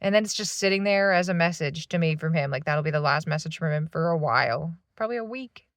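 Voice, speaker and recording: A woman's voice: low-pitched, expressive, fast, dry recording, studio quality. A woman in her thirties venting in a rambling, swearing monologue from a parked van. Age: 30s. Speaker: vlogger.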